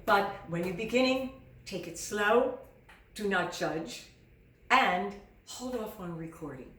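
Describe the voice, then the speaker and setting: A middle-aged woman teaching singing in an earnest, encouraging way, slipping into the worried voices of her students. Her voice sits at an ordinary pitch and is heard from a little way off the mic in an echoey room. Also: expressive, slow pace, a bit bright, recorded from a distance. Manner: earnest, encouraging, acts out students' inner doubts. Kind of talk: direct-to-camera teaching.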